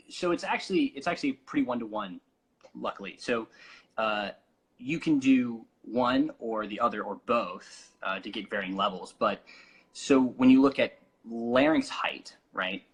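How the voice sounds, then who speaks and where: Young male vocal coach, casual teacher with lots of ums, bright edge, a little husky. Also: mid-range voice, sing-song, a little slow, rough recording. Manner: explains with demonstrations, many fillers.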